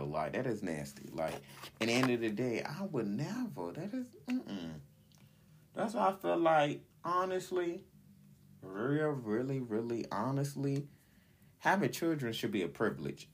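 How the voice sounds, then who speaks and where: A man hosting a solo podcast, ranting bluntly and indignantly in a rambling way, filling his talk with "like". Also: mid-range voice. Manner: opinionated, rambling, heavy use of "like". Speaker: podcast host.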